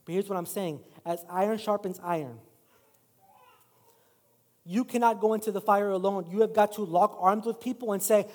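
A middle-aged man preaching to his church in a high, light voice. He tells loose, self-deprecating stories, then builds into emphatic exhortation. His voice rings out with a long hall reverb. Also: normal speed, pauses often, a little mellow. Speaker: pastor. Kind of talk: sermon. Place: church sanctuary.

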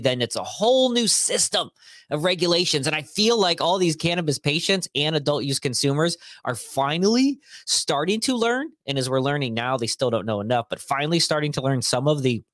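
A man in an easygoing podcast chat, rambling along with asides at a mid-range pitch. His voice is dry and close, with no room echo at all. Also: fairly bright tone. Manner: rambling, conversational, quick asides. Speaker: podcast co-host. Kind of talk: casual chat.

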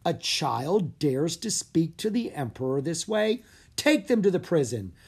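A reader voicing a cold, menacing grown-man emperor in a children's audiobook, slow and commanding. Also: medium pitch, sing-song, vocal fry, husky, pitched above the performer's own voice, heavily acted.

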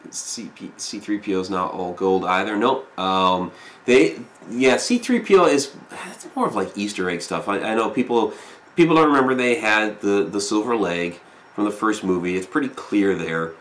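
Male streamer, lowish voice, loose rambling chat with viewers, lots of ums. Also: expressive, normal speed, fairly bright tone. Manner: rambling, many fillers, reads viewer comments aloud. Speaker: live stream host. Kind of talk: casual live chat reading comments.

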